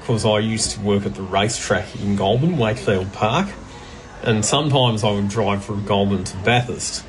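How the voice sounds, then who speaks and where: A man's voice: fairly low pitch, normal speed, music in the background, rough recording. A man with an Australian accent chatting casually on a radio show in a plain, matter-of-fact way. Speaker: radio station staffer.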